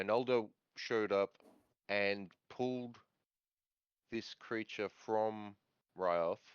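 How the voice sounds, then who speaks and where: A man recapping a tabletop game session as a player, in a halting, drawn-out way, on a dull lo-fi mic. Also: lowish voice, smooth, dry recording. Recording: dull lo-fi microphone.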